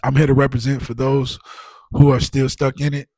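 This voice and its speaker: A man telling his own story as a podcast guest, animated and emotional, full of "like" and "you know what I'm saying". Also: medium pitch, moderate pace, no echo. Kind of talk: casual storytelling.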